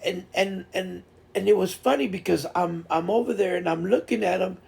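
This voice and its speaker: A man's voice: high-pitched, normal speed, vocal fry, a little mellow. A man hosting a casual chat stream, telling rambling fishing stories with lots of restarts and laughter. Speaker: streamer host.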